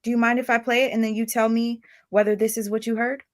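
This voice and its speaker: A woman hosting an online panel discussion, asking probing questions in halting, repeated starts. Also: a little high, little pitch movement. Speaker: panel host.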